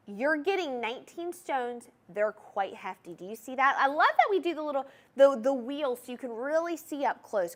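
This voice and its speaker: A young woman with a Southern US accent hosting a live TV jewelry sales show, talking chattily and checking in with viewers. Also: a little high. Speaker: shopping channel jewelry host.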